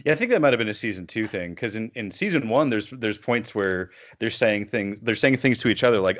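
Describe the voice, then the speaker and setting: Male podcast host, lowish voice, rambling and self-correcting. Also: expressive, fairly quick, hardly any pauses. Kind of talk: casual chat.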